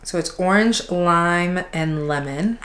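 A woman's voice: on the low side, takes it slowly, noisy background. A woman vlogger talking casually and candidly while unboxing products, with plenty of "like" fillers. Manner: chatty, candid, with many "like" fillers. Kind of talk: casual chat.

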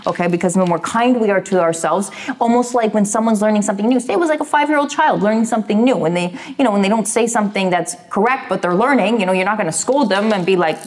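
A woman's voice: mid-range voice, fast, hardly any pauses, a little mellow. A woman giving a recorded tarot reading in a soothing, encouraging way, often checking in with "right?". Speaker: tarot reader.

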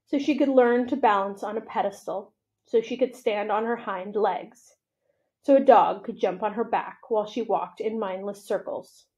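Woman doing a gentle weary old elephant. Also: medium pitch, dull audio, close to an everyday voice. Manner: soft, tired, slow.

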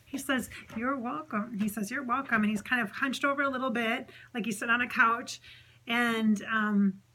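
A woman's voice: on the high side, steady tone, normal speed, bright, forceful tone. A woman hosting her own channel as a medium, talking in a casual, effusive, rambling way with many fillers. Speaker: psychic medium host. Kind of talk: casual spiritual channeling monologue.

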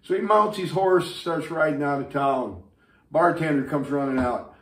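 A man's voice: fairly high pitch, moderate pace, fairly bright tone, reverberant. A man hosting a channel, casually telling a joke as an easygoing storyteller. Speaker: YouTube channel host.

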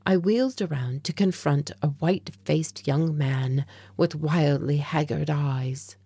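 Husky low woman, measured audiobook narrator, dry studio sound. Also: mellow, dry recording. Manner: measured, reflective storytelling. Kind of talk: scripted first-person narration.

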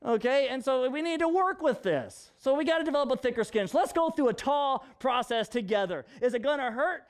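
A male pastor giving a casual, animated sermon full of jokes. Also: extremely high pitch, a little fast. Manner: animated, jokey, conversational preaching.

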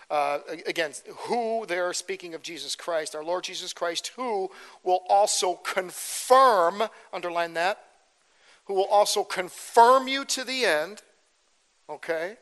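A man's voice: sits high, fairly bright tone, long reverb tail. A man preaching a verse-by-verse sermon as pastor, conversational, often checking in with "okay?" and "right?". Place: church sanctuary.

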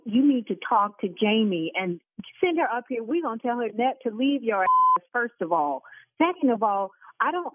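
Brief: indignant woman on a tinny phone line, husky, a bit high. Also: dry recording. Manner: indignant, fast, cursing. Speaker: salon owner on the phone.

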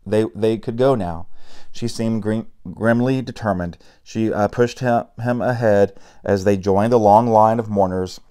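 A man reading a novel aloud, unhurried with small slips and personal asides. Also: lowish voice, warm tone, clean tone. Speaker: audiobook reader.

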